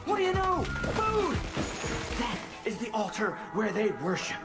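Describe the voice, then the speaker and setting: A man's voice: very high voice, big pitch swings, a little slow, loud music behind the voice, exaggerated voice. Sly cartoon raccoon guy, smug tour-guide patter, bouncy swinging voice. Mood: mocking. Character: sly fast-talking male raccoon, smug schemer. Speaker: animated film character. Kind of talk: animated film dialogue. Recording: film audio with loud score behind.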